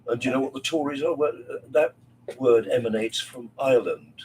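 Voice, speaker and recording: Dry, measured man explaining history. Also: mid-range voice, darkish tone. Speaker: customer and cruise lecturer. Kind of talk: casual chat. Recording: distant mic with faint hum.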